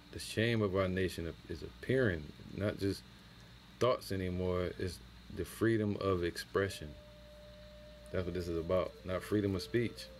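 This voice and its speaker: A man with a very deep voice leads an impromptu scripture lesson. He reads the verses slowly and deliberately, then breaks into loose, slangy commentary. A faint hiss sits under the recording. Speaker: teacher of a religious camp.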